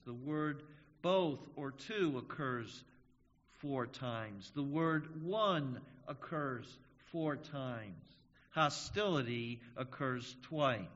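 A male pastor preaching a sermon, slow and measured, stressing key words with emphasis. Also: on the high side, a bit bright. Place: church sanctuary. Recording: dull audio in a reverberant hall.

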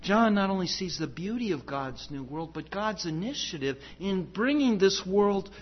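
A man preaching a sermon as pastor, emphatic and rhetorical, swinging between loud declarations and hushed passages. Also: high-pitched, very animated, normal speed, husky, dull audio.

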